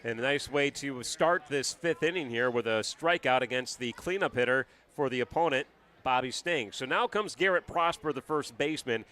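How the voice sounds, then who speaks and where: A man giving baseball color commentary on radio, measured and full of stats. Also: mid-range voice, pushed and bright. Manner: measured, stat-heavy analysis.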